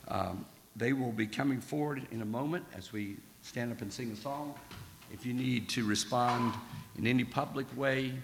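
A man preaching a sermon in an earnest, exhorting way, his voice hoarse and croaky, slowing down on key phrases. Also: mid-range voice, noisy background. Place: church hall. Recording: long hall reverb.

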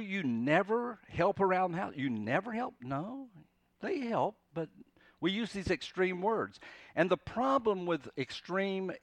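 A male pastor delivers a sermon in a relaxed, conversational manner, his voice in a middle register. When he quotes a prayer he sinks into a soft, weary plea. The recording is dry and close, with almost no room sound. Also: mid-range voice, dry recording. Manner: conversational preaching, dramatic dips to soft pleading when quoting.

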